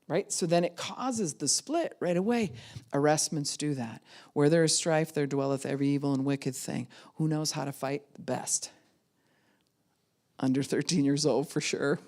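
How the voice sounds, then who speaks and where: A middle-aged woman pastor giving a sermon, animated and acting out the voices of the people she quotes. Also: low voice, normal speed. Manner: animated, acts out quoted voices of kids and adults.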